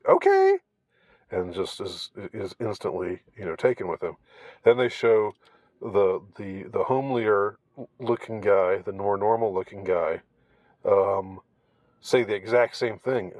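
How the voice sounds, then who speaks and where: A man giving casual commentary on an article, rambling and halting with many restarts, in a wry tone. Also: low-pitched, fairly even intonation, a little mellow, no echo.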